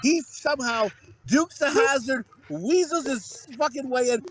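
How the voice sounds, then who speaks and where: A man with a strikingly high voice tells a loose, rambling story on a podcast, swearing constantly and stumbling over fillers and restarts. Faint noise sits under his voice. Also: expressive, a little slow, a bit bright. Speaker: podcast co-host. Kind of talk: casual storytelling chat.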